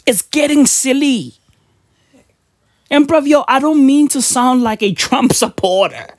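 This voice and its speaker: A woman's voice: high voice, measured pace, darkish tone, no echo, clean studio sound. Profane, slangy woman ranting. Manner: profane, slangy, emphatic, mocking. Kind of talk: casual ranting chat.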